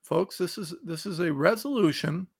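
A man's voice: high voice, moderate pace, gravelly, husky. A man hosting a political commentary show, ranting angrily and reading out quotes between insults. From Ohio. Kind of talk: fired-up political commentary monologue.

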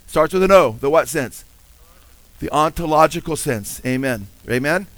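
A man's voice: on the high side, expressive, normal speed, a bit bright, dry recording, low-quality recording. A man preaching a fervent, emphatic sermon with casual asides.

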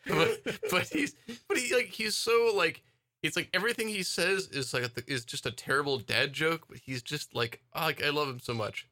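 A man co-hosting a podcast in casual chat, enthusiastic and quick to laugh. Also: a little high, pushed and bright.

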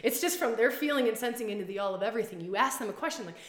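Woman hosting a casual live stream, animated and blunt, repeats herself, roomy echo. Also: on the high side, racing. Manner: animated, swears freely, repeats phrases. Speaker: women's circle and retreat leader.

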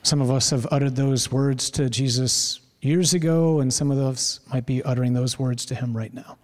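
A man's voice: medium pitch, steady tone, normal speed, in a large hall. A man preaching a sermon in a church, telling a story vividly and drawing out key words for emphasis.

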